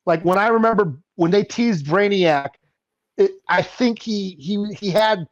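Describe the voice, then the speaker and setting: A man co-hosting a podcast, chatting casually and chiming in with quick agreement. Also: high voice, dry recording, lo-fi sound. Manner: laid-back, quick agreeing interjections. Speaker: podcast co-host. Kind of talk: casual chat.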